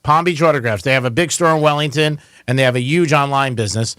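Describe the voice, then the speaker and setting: Fast-talking joking male radio host. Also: medium pitch, a bit bright, dry recording, studio quality. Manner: joking, teasing callers. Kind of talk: casual radio chat. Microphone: studio mic.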